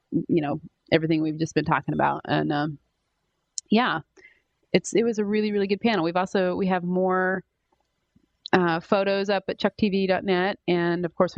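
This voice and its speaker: A woman's voice: lowish voice, fairly even intonation, normal speed, no room sound, muffled recording. A woman co-hosting a podcast in casual chat, chatty with many fillers and restarts. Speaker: podcast co-host.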